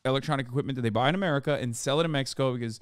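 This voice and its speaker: A man casually telling a story on a podcast, animated and swearing freely, acting out the people in it. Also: mid-range voice, very fast, smooth, no room sound, studio quality. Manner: animated, swears, acts out quoted officials.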